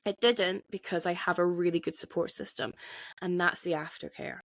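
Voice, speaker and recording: A woman's voice: lowish voice, steady tone, normal speed, dry recording. A woman talks straight into a podcast mic. The sound is dry and close, with no room around her. She is frank and sweary, and she often breaks off and restarts her sentences. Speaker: podcast host. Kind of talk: candid solo podcast monologue.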